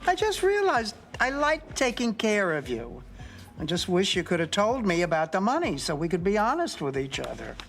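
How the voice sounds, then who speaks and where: An actress playing a dry, sharp-witted older woman in a 1980s sitcom, delivering lines with sardonic timing. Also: medium pitch, wildly swooping pitch, moderate pace, faint music behind. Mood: earnest.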